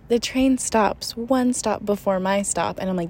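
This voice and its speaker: A young woman recounts a trip in a chatty, animated storytelling voice at a middling pitch. She laughs often and acts out the lines of people she met. Faint noise hums underneath. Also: a little slow. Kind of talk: casual spoken storytelling.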